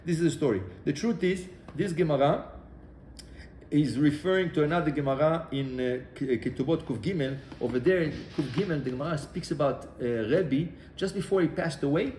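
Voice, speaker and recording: A man gives a Torah class, slipping into the voices of the people in his story with lively restarts. His voice sits a little high for a man. The room is echoey, with a faint hum of ambience behind him. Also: fairly quick. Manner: animated storyteller acting out dialogue, many restarts. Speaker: rabbi.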